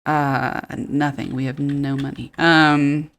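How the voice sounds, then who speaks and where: A woman's voice: sits low, flat delivery, slow, a bit bright. A woman streamer chatting casually while playing a farming game, giggling and thinking aloud. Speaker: gaming streamer. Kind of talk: casual let's play commentary.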